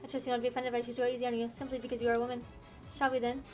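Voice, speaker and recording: A woman reading the lines of a composed masked male swordsman, with formal and measured phrasing. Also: fairly high pitch, little pitch movement, soft background music, close to an everyday voice. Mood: calm. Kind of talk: reading game dialogue aloud.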